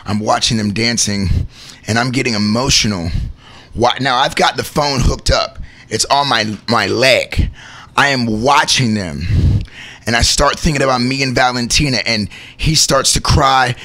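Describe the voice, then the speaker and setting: A man in his thirties, a show host and wedding DJ, telling stories in a casual, animated chat and often laughing. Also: mid-range voice, normal speed.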